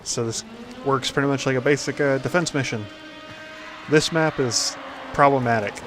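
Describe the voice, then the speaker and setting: A man's voice: mid-range voice, normal speed, music in the background. A man hosting a casual gameplay commentary, rambling with lots of fillers. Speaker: gaming video host.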